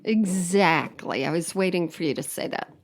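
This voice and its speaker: A woman co-hosting a podcast in casual chat, joking in a wry, deadpan way. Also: lowish voice, normal speed. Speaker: podcast co-host.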